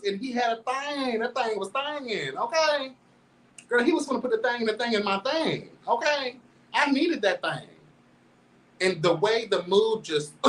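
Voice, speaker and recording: A man's voice: sits high, distant mic, a little hiss or hum, rough recording. Sassy, flamboyant man telling a story. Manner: sassy, flamboyant, calls listeners "girl" constantly; animated, laughs through the telling. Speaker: host. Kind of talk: candid storytelling commentary.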